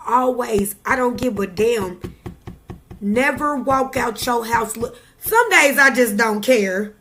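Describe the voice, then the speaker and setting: A woman's voice: a little high, slow pace, fairly bright tone, slight background noise. A woman vlogging to camera, giving a raw, preachy pep talk straight to the viewer. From Midwest United States. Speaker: tarot reader vlogger. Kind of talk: casual motivational talk to camera.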